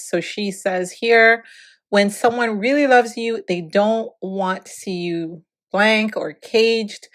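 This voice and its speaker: A woman hosting a celebrity gossip vlog, giving preachy, opinionated commentary with emphatic repetition. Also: fairly low pitch.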